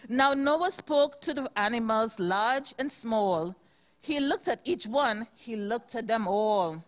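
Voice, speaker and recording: A woman reading a rhyming picture book aloud to children at a church service, in a slow sing-song manner, pausing to ask them questions. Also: fairly high pitch, animated.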